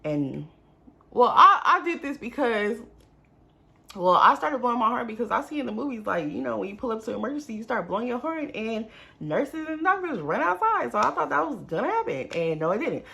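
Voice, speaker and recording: A young woman telling a casual storytime to her viewers, animated and talking straight to them as y'all. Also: on the high side, a little fast, vocal fry. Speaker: vlogger.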